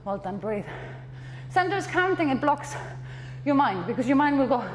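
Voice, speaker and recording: A woman's voice: high voice, sing-song, moderate pace, long reverb tail, noisy background. A woman fitness trainer coaching a workout class, encouraging and out of breath between exercises.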